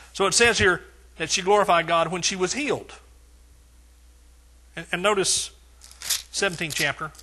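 A man's voice: on the high side, sharp tone, a little hiss or hum. A man preaching a sermon as pastor, building points through emphatic repetition.

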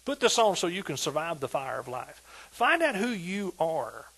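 High-voiced husky older preacher. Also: male voice, normal speed, poor audio. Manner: animated preaching, asks "are you with me?" repeatedly; colloquial, folksy storytelling. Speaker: pastor. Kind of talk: sermon.

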